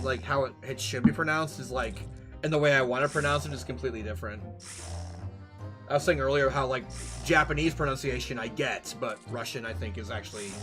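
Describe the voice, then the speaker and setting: Man, game streamer, giggly, rambling, swears, swooping pitch. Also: pushed and bright. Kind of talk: casual let's-play commentary.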